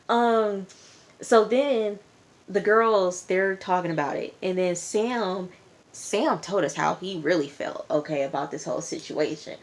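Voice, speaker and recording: A woman with a slightly low voice talks through a TV episode in casual recap style. Her delivery is chatty and slangy, with an exasperated edge. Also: measured pace. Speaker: TV show reviewer.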